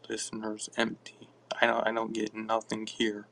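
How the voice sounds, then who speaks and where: A man hosting a podcast, chatting casually and offhandedly in a halting, mumbling way. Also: on the low side, completely flat delivery, gravelly, pushed and bright. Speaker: podcast host. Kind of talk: casual live-stream chatter.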